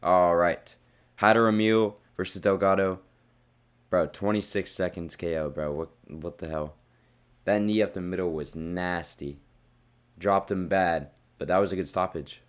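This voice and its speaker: A young man with a low voice tears through a casual fight recap, blunt and profane. He gets heated and loud at times, and his voice sounds a bit worn from shouting. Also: steady tone, measured pace, clean tone. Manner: blunt, profane, worked-up rants. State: losing his voice. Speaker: fight reviewer.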